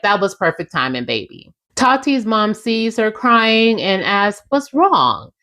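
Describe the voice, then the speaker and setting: A woman's voice: medium pitch, a bit bright. A young adult woman hosting a casual podcast, recapping a reality show in a chatty, sassy way and speaking straight to her listeners. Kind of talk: casual recap, acting out quotes.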